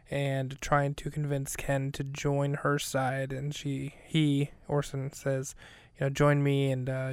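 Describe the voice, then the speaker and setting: A man talks through a show episode for his podcast, wandering and correcting himself as he goes. His voice is smooth and fairly flat in pitch. The sound is dry and close, with no room around it. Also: no room sound. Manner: rambling, with many fillers and self-corrections. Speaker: podcast host. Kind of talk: casual episode recap.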